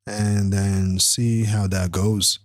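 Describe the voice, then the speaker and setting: A man's voice: on the low side, flat delivery, takes it slowly, no room sound, studio quality. A tired man hosting a live stream, rambling casually with many fillers and restarts. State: tired, struggling to stay awake.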